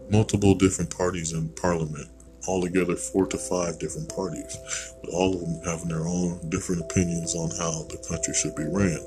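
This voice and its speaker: A man's voice: low-pitched, low-quality recording. An American man hosting a podcast, rambling through a blunt, digressive opinion monologue with casual swearing. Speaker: podcast host.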